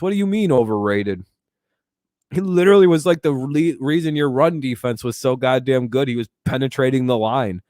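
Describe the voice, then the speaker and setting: A man's voice: mid-range voice, expressive, normal speed, darkish tone, no room sound, clean studio sound. A man hosting a casual live sports talk stream. He talks back to his chat and swears freely. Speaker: streamer host.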